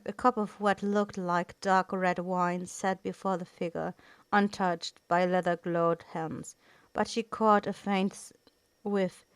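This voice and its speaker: A woman's voice: lowish voice, clear, resonant tone, dry recording. A woman reading a novel aloud, often stumbling and restarting words. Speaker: reader.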